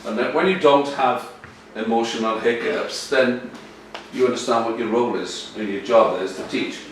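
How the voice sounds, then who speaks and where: A rugby coach, a man, giving a lively workshop talk to other coaches. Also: medium pitch, moderate pace. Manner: lively, animated, addresses audience directly. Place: workshop room. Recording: echoey room from far off, faint noise.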